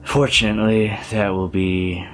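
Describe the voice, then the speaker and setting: Man doing a sneering villain lord, low voice, drawling, mocking. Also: fairly even intonation, normal speed, soft background music, close to an everyday voice. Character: scheming villainous aristocrat, male, sneering.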